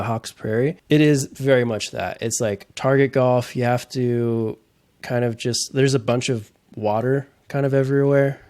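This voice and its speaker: A man's voice: medium pitch, a little mellow. A man in a casual podcast chat, telling rambling golf stories and laughing often mid-sentence.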